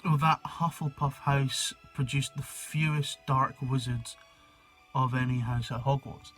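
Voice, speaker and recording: A young man talking slowly and loosely to his viewers, with a bright, forceful edge to his voice. He rambles, swears freely and throws in jokey asides. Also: mid-range voice, level tone, faint music behind. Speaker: YouTuber. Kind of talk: casual chat reading a website on camera.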